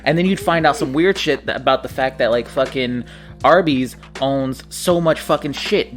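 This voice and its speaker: A man's voice: fairly high pitch, fairly bright tone. A man hosting a podcast in casual chat, rambling and joking and swearing freely. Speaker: podcast host.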